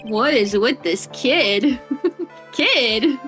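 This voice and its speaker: A woman's voice: fairly high pitch, animated, drawn-out words, a bit bright, faint music behind. A young woman streaming a video game, chatting casually and giggling at herself. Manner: giggly, chatty, self-mocking. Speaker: VTuber streamer. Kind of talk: casual gaming stream chat.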